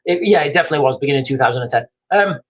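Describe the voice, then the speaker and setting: A man's voice: medium pitch, lively intonation, very fast, dull audio. A man hosting a casual livestream, rambling, repeating himself and reading out viewer comments. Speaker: livestream host. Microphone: streaming mic.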